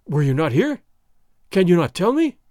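A man's voice: high voice, very animated, normal speed, dark tone, no echo, studio quality. A man voicing a mild, foppish young nobleman who needles a sergeant in a mock-innocent way. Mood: needling.

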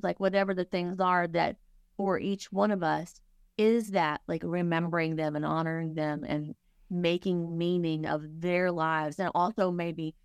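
A woman's voice: lowish voice, clean tone, no room sound, clean studio sound. A middle-aged woman, a grief counselor, speaking candidly and earnestly in a conversational interview, acting out her own past thoughts as she talks.

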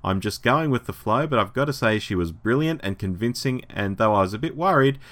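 Lively man hosting a podcast. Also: mid-range voice, brisk. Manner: lively, reading a listener email with enthusiasm. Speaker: podcast host. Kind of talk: casual podcast chat. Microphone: remote call line.

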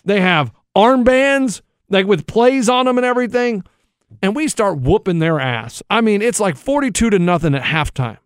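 A man telling animated stories in casual chat, swearing freely. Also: high voice, normal speed, smooth, no room sound, studio quality.

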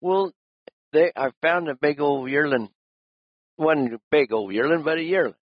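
A man spinning a long hunting yarn in a loose, folksy rural manner. His voice is a little husky and sits close and dry on the mic. The recording sounds dull and lo-fi. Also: mid-range voice, dry recording. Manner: folksy, laughing, drawling rural talk. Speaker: rancher and lion hunter. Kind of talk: casual storytelling.

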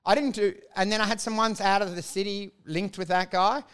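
An Australian man, a stand-up comedian, rattles through crude, animated stories in a relaxed podcast chat. His voice sits high for a man. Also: a little fast, smooth. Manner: profane, animated storytelling.

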